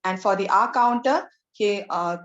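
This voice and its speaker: A woman's voice: medium pitch, measured pace, fairly bright tone, highs cut off, faint music behind. A woman giving a general evaluator's report at a club meeting, repeating herself and filling gaps with fillers. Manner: repetitive, loose phrasing with fillers.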